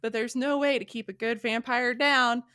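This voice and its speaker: Woman, podcast co-host, casual storytelling, laughing asides, high voice, dry recording. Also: fairly even intonation, moderate pace, pushed and bright, clean tone, no echo.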